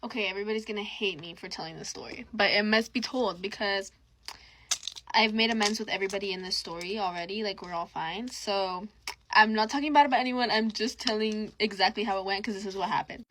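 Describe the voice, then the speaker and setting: A young woman tells a personal story in quick, gushing bursts. She talks in a chatty manner, piling on asides and filler as she goes. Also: medium pitch, fairly bright tone, a little hiss or hum, low-quality recording. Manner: rushed, chatty, full of likes and asides. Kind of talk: casual storytime monologue.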